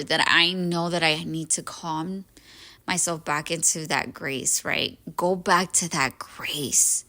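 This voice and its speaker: Speaking in a low-leaning, bright, forceful voice, this woman in her thirties hosts a solo podcast. Her reflective talk on self-growth is earnest and emotional, meant to encourage her listeners.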